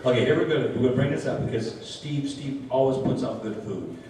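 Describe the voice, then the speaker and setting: A man's voice: mid-range voice, animated, fast talker, dark tone. A man doing stage comedy as a ventriloquist, bumbling and apologizing as he corrects himself. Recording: distant echoey live stage with noise.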